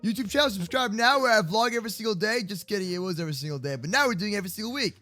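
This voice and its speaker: A young man goofing around in a Minecraft role-play from his bedroom, joking and yelling as he plays. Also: high-pitched, animated, very fast, no echo, faint music behind. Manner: hyper, jokey, often yelling. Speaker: gaming YouTuber. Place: home bedroom.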